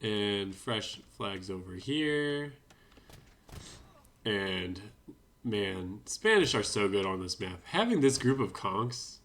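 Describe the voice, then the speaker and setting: Chatty low-voiced man narrating a game replay. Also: sing-song, slow pace, a bit bright. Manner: chatty, self-deprecating, wry asides. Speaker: gaming commentator. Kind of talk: casual game replay commentary.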